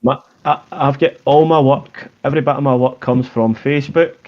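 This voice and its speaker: A man's voice: mid-range voice, fairly even intonation, normal speed, dull audio. A Scottish man, a tradesman guest, chatting casually in a plain-spoken way with some restarts. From Scotland. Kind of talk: casual chat.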